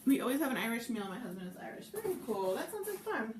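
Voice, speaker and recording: A middle-aged woman hosts a live cooking stream from her home kitchen, chatting casually, reading viewer comments, and drifting off topic. Her voice is on the high side, very animated and fast, caught on a distant mic over a loud crowd. The kitchen sounds echoey, with background noise.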